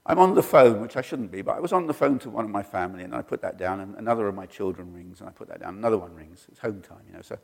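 A middle-aged man preaching a sermon, telling stories and acting out the quoted voices with sudden leaps in pitch. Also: rapid-fire, vocal fry, hardly any pauses, husky. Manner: animated, acts out quoted voices with jumps in pitch. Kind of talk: sermon storytelling. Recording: long hall reverb.

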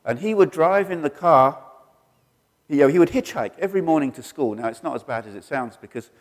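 Animated preacher man in a reverberant hall. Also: a little fast. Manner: animated, acts out quoted voices with jumps in pitch. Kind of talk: sermon storytelling.

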